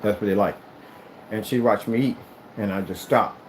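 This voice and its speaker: A man's voice: on the low side, normal speed, a little hiss or hum, rough recording. A man chatting casually to camera in an emphatic, rambling way, often repeating himself. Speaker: vlogger.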